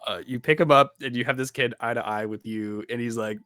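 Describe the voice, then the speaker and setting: A man narrating as game master in a relaxed, meandering way, with many ums. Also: medium pitch, fairly quick, clean tone, dry recording, studio quality.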